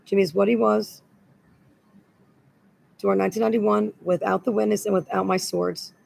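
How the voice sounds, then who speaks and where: A woman's voice: mid-range voice, fairly even intonation, moderate pace, creaky, darkish tone, rough recording. A woman in a rambling, agitated spoken monologue that loops back on the same words.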